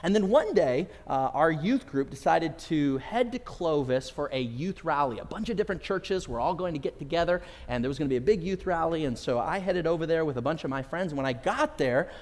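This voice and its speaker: A man preaching from the pulpit with a slightly high voice, sharing stories with humor and animated energy. The sound is a church recording with a long hall reverb around his voice. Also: fairly quick, few pauses. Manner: storytelling, animated, self-deprecating humor. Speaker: pastor. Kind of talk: sermon. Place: church sanctuary.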